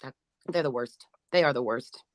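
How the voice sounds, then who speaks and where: A woman's voice: very deep voice, moderate pace, dry recording. A woman hosting a livestream who reads out chat comments and answers them in a mocking, profane and taunting way. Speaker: livestream host.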